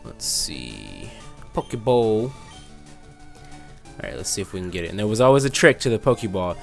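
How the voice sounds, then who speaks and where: Over faint background music, a male let's play host in his twenties talks at a moderate pace in a lowish, creaky, very animated voice. He mixes casual commentary on his game with a meandering story from his childhood and frequently loses track partway through sentences.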